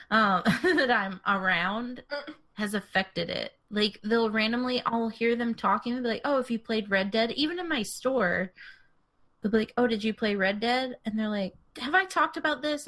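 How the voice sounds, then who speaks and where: A woman's voice: medium pitch, a bit bright. A woman co-hosting a podcast in casual chat, giggly and full of "like". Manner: chatty, giggly, lots of "like". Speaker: podcast co-host.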